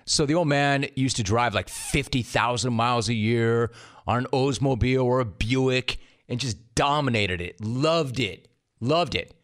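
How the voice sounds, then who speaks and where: A middle-aged man hosts a sports radio show, ranting loudly and spinning stories with acted quotes. His voice sits at an ordinary male pitch. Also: measured pace. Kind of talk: animated sports radio monologue and interview.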